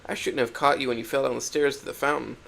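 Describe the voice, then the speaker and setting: Guy reading a heavy first person story, gets all emotional, kinda raspy low-key fry. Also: fairly even intonation, fast, a little hiss or hum. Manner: emotional, swings from hurt to shouting anger. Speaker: narrator.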